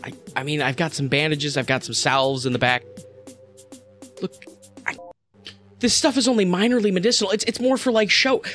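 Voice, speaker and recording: A man's voice: on the high side, fairly even intonation, moderate pace, long pauses, fairly bright tone, faint music behind, voice pushed up, close to an everyday voice. A man playing a panicky little Dragonborn shopkeeper. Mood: nervous. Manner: panicky, stammering, pleading. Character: small frightened male Dragonborn oil seller.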